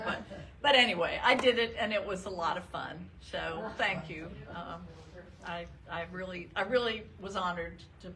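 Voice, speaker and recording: Chatty older woman with a bright voice. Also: lowish voice, moderate pace, poor audio. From northern United States. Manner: chatty, laughs often, self-deprecating. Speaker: retired state supreme court justice, guest speaker. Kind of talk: talk and audience Q&A.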